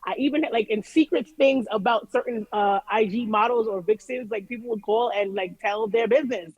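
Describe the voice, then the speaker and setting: Woman guest, animated storyteller, dull dry recording. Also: on the high side, fairly quick, husky, dry recording. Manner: animated, restarts often, swears freely. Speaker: guest artist. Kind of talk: casual interview storytelling.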